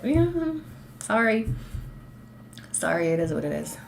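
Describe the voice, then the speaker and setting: A woman's voice: medium pitch, animated, fairly quick, fairly bright tone, slight background noise. A woman in her thirties hosting an unscripted livestream, talking straight to her chat in a blunt, profane way and slipping into Spanish now and then. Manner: slips into Spanish phrases. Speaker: livestream host and law student. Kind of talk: unscripted live-stream rant.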